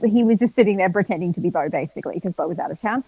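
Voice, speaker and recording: A woman's voice: on the low side, rapid-fire, slightly rough, no echo, phone-quality sound. An Australian woman, a voice actor, chatting as a guest and telling anecdotes, acting out other people's lines with laughter. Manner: lively storyteller, acts out quotes, laughs often. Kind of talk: casual live-stream interview.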